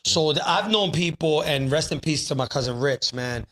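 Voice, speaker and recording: A man's voice: fairly high pitch, normal speed, fairly bright tone. A man on a podcast talking earnestly about changing habits, preachy, dropping in Spanish phrases. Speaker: podcast host. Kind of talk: casual podcast chat.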